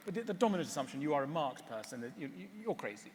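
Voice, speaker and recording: A man giving a public talk and answering questions, wry and animated, often stopping on fillers. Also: a little high, quick pace, big-room sound, very noisy. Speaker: speaker. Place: large hall.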